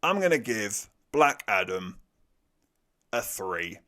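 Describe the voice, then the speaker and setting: A man's voice: lowish voice, sing-song, takes it slowly, pushed and bright. A young man giving a sarcastic, exasperated film review rant, swearing freely. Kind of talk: ranting movie review.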